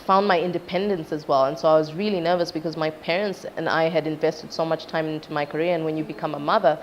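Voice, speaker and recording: A young Zimbabwean singer, interviewed in a casual chat, speaks fast in a deep voice with fairly even intonation. She tells a personal story animatedly, acting out what her parents said, and the recording is dull and lo-fi with faint background noise.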